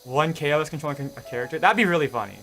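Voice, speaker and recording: Young guy rambling to his stream chat, lots of ums and restarts, quiet music under him. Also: fairly high pitch, very fast. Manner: rambling, hesitant, many fillers and restarts. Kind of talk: casual live-stream chat with viewers.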